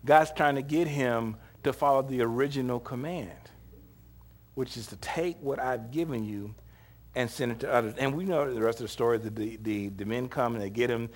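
A man's voice: medium pitch, normal speed. A man preaching a sermon, retelling scripture in a casual, humorous way and laughing often, with short acted-out quotes. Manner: animated, acts out short quoted lines.

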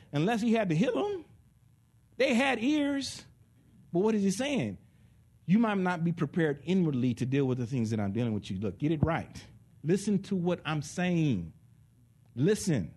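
A man preaching a sermon in an animated way, acting out little voices and laughing along with his listeners. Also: a little high, fairly quick, breathy edge. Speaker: pastor.

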